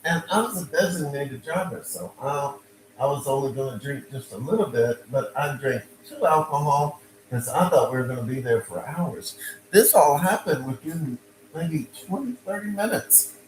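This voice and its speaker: A man casually telling a personal story, animated and repeating himself, with frequent stops and restarts. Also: on the high side, normal speed, a little hiss or hum, poor audio.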